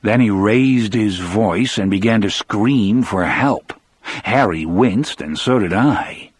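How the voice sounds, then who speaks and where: A man's voice: lowish voice, slow pace, slightly rough, no room sound. A man narrating an audiobook in the first person, with a dramatic storyteller delivery.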